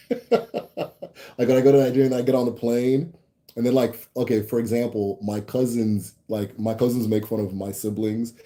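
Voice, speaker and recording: A man's voice: fairly low pitch, dark tone. A young American man hosting a casual livestream, reading viewer comments and rambling with restarts and laughs. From United States. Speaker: channel host answering viewer comments.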